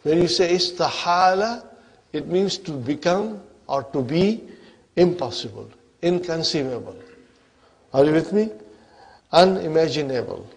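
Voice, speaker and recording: A man teaching an Arabic grammar class, his voice on the higher side. He keeps quizzing his students and asks again and again whether they follow. He moves back and forth between English and Arabic as he explains. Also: expressive, measured pace, gravelly, long pauses. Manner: questioning, checks understanding often.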